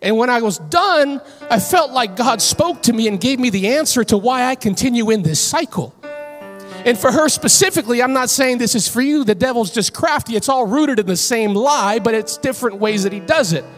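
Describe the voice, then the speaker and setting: A woman preaching a sermon in church. She tells a personal story in an animated way and builds to emphatic calls to her listeners. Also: fairly high pitch, normal speed, soft background music. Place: church sanctuary.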